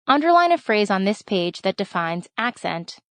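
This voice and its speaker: A woman reads a school lesson aloud in a clear, instructional way, with a mid-pitched voice. The recording is dry and close, with no room sound. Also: sing-song, normal speed, no room sound. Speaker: reader of a school reading lesson. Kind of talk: reading a story aloud with lesson prompts.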